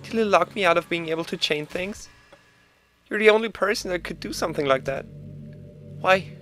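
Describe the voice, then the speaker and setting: A man voicing a sad, pleading young woman from a video game, speaking softly and hurt. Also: high voice, moderate pace, pitched above the performer's own voice. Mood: distressed.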